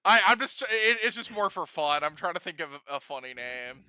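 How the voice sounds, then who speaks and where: Male game master, high bright voice, lively, unhurried, dry close sound, swears casually. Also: smooth, dry recording. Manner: relaxed, laughs often, casual profanity. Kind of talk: narrating a tabletop game.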